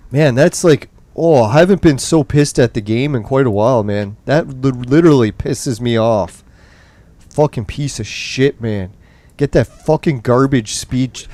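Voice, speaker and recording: Suffering nicotine withdrawal, a male gaming streamer plays a mobile game and narrates it in a furious, nonstop stream of swearing. His voice is medium-pitched and dark, at a normal speed, in a dry recording.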